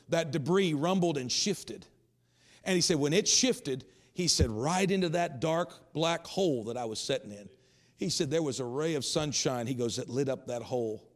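A man preaching a sermon, retelling a story with rising intensity. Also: fairly high pitch. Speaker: pastor.

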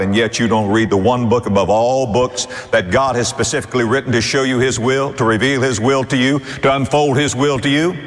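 A man's voice: animated, fairly quick. Guy preaching hard, rhetorical questions, voice swoops way up and down, big echoey hall. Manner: emphatic, rhetorical questions, sweeping pitch swings. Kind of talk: sermon.

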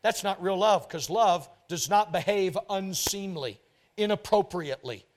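A man's voice: high voice, measured pace, slight background noise. A man preaching a sermon as a pastor, emphatic and repetitive, often acting out quoted voices. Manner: emphatic preaching, repeats phrases, mimics couples in quotes.

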